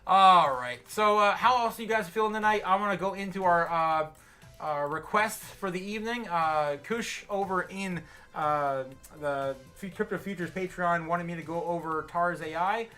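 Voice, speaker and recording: A man's voice: high-pitched, moderate pace, pushed and bright, clear, resonant tone, soft background music. Rambling, tipsy American man hosting a livestream. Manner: rambling, many fillers and restarts, laughs often. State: a little tipsy. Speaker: livestream host. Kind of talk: casual livestream market commentary.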